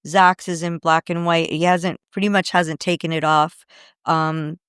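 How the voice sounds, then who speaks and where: A woman guest on a podcast in casual chat, reminiscing in a soft-spoken way. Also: low-pitched, level tone, measured pace, clean tone, dry recording, studio quality.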